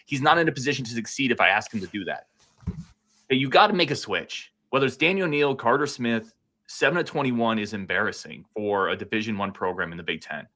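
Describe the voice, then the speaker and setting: A man co-hosting a casual sports podcast, fired up and talking like an excited fan, a few beers in. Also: lowish voice. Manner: fired-up, animated fan talk. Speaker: podcast co-host.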